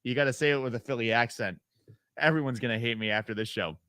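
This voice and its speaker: A man from upstate New York hosts a casual call-in radio talk show, speaking fast in a medium-pitched voice that is sharp, clear, and resonant, with no echo. He's opinionated and rambling, full of fillers and sarcastic asides, and mocks others by putting on their voices.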